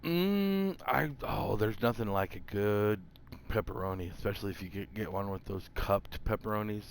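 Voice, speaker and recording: A man's voice: fairly low pitch, steady tone, normal speed, creaky. A man hosting a gaming video, chatting casually and laid-back with his AI companion. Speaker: gamer host. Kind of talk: casual chat while gaming.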